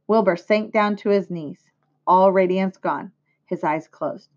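Female teacher narrating a storybook, measured read-aloud, muffled lo-fi recording. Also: lowish voice. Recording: dull lo-fi recording.

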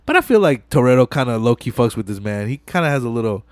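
A man's voice: medium pitch, fast, dry recording, studio quality. A young man hosting a podcast, retelling a film scene by scene in casual, profane slang. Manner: slangy, profane, animated storytelling. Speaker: podcast host. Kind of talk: casual movie recap chat.

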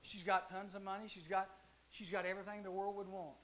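A man teaching a youth Bible class, telling the story with lively acted-out voices. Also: high voice, fairly quick, slight background noise.

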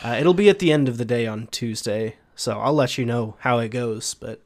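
A man's voice: medium pitch, normal speed, a little mellow. A young man in his twenties co-hosting a podcast, chatting casually, laid-back, swearing and laughing now and then. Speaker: podcast co-host. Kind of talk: casual chat.

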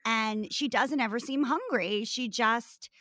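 Bright, animated woman telling a story. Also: a little high, unhurried, dry recording. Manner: animated, profane, comic storytelling. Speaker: podcast co-host. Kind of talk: casual storytelling chat.

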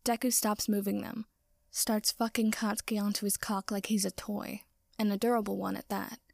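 A woman narrating a story aloud in a soft, slow voice that often drops to a whisper. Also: medium pitch, little pitch movement, vocal fry, no room sound, clean studio sound. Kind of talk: reading fan fiction aloud.

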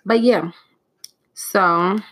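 A woman's voice: mid-range voice, very slow, fairly bright tone. A woman hosting her own talk show, chatting casually with lots of fillers and restarts, flustered after several retakes. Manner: rambling, self-interrupting with fillers and laughs. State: flustered and overheated. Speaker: podcast host. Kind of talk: casual solo commentary.

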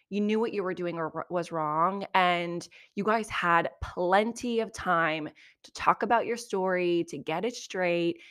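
A woman hosting a podcast, giving a chatty, animated recap of reality TV with lots of asides. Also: lowish voice, no echo, studio quality. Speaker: podcast host.

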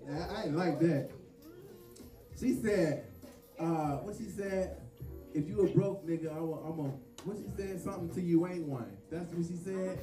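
A man's voice: fairly high pitch, normal speed. A man hosting a comedy show, riffing in loose, joking bursts between laughs. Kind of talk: stand-up comedy. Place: live venue stage. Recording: roomy hall from a distance with music.

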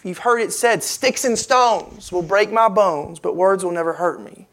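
A woman's voice: medium pitch, measured pace, hardly any pauses. A woman preaching a sermon, earnest and emphatic, with rhetorical questions and repeated phrases.

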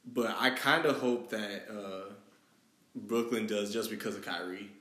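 A man's voice: lowish voice, unhurried, pushed and bright. A man hosting a casual sports podcast, chatty and moving the talk along. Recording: echoey room.

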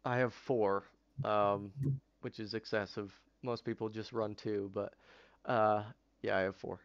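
A man's voice: lowish voice, level tone, unhurried, muffled recording. A man hosting a podcast, telling a long story in casual chat, with lots of fillers and swearing. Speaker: podcast host. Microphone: headset over online voice chat.

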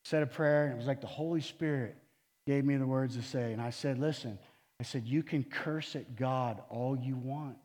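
A man preaching a sermon as a pastor, telling stories in an animated way and acting out the quotes, with big swings between loud and soft. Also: medium pitch, moderate pace. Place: church. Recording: long reverb of a church hall.

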